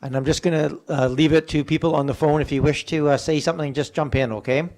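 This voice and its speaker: Measured man chairing a meeting. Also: fairly high pitch, steady tone, a little mellow. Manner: measured, procedural, hesitant. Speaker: mayor chairing a council meeting. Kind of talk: formal meeting procedure. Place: council chamber.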